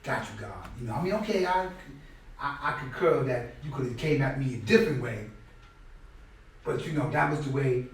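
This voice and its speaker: A man's voice: mid-range voice, normal speed. Middle-aged man in a very echoey room. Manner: animated, acts out quoted people loudly, repeats words. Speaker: guest speaker at a class. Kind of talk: conversational storytelling lecture. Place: indoor classroom space. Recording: very echoey room, mic far off.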